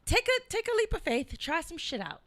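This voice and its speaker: A woman co-hosting a podcast, chatting in a lively, laughing, profane way. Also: very high-pitched, a little fast, no room sound. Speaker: podcast co-host. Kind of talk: casual chat.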